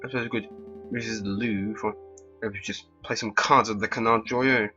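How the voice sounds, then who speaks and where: A man reads and comments through a game in a wry, deadpan way. His voice is mellow and warm, at a middle pitch. The recording sounds dull and lo-fi, with faint music behind. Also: moderate pace, slightly rough. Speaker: let's play host. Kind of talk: casual game commentary and reading.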